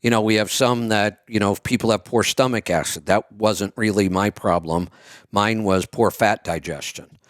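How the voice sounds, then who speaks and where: A man's voice: on the low side, normal speed, no room sound, studio quality. Chatty man hosting a call-in show. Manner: chatty, retells stories with acted quotes. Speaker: radio show host. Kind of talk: call-in health advice.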